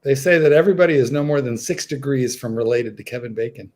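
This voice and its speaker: A man's voice: mid-range voice, fast, darkish tone. Rambling male dog trainer on a panel. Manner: rambling, storytelling, frequent restarts. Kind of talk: casual panel chat.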